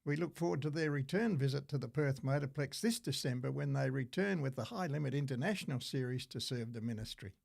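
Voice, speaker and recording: Male show host, scripted outro, measured announcer delivery, gravelly voice. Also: medium pitch, a little mellow.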